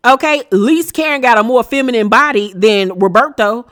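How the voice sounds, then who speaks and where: A woman hosting a casual reality TV recap, sassy and animated, talking straight to her viewers. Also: on the high side, moderate pace.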